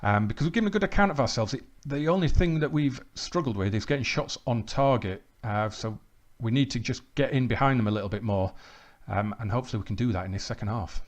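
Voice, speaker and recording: A man's voice: medium pitch, fast. A man hosting a football management game let's play, calling the match like a commentator and chatting about his tactics. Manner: excited play-by-play, then calm chatty asides.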